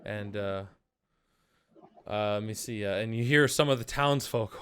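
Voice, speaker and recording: A man running a tabletop game, narrating haltingly with many fillers. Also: on the low side, a bit bright, clear, resonant tone. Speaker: game master.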